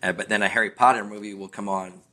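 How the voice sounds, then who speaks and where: A man's voice: on the low side, steady tone, quick pace, sharp tone. A middle-aged American man, a podcast guest, rambling through anecdotes and acting out voices as he tells them. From United States. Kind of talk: casual podcast chat.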